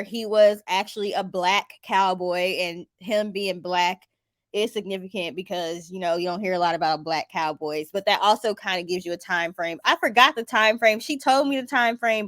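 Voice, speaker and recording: A woman's voice: medium pitch, fairly bright tone, dry recording, clean studio sound. A woman telling a personal story in a casual, chatty vlog style, with lots of "like" and "um". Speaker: spiritual vlogger.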